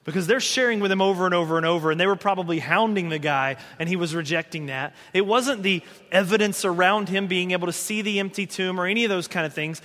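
A man preaching a sermon as pastor, animated and conversational, often acting out what people in the story might say. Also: high-pitched, quick pace, few pauses, big-room sound. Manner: animated, acts out quoted voices.

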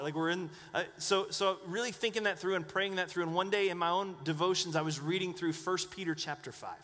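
A man's voice: high-pitched, brisk, few pauses, a bit bright, long reverb tail. A man preaching a conversational sermon as pastor, asking the congregation questions. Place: church.

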